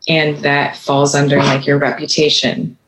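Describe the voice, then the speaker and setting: A woman attorney talking as a podcast guest, with a low-pitched voice. She speaks frankly and casually, with plenty of fillers. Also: completely flat delivery, measured pace, a bit bright, poor audio. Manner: chatty, frank, filler-heavy. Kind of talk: casual interview chat.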